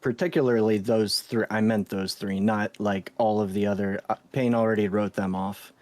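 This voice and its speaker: A man's voice: on the low side, fairly even intonation, normal speed, a little mellow. A man playing in a tabletop game, casually explaining his character's actions and double-checking details. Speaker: player.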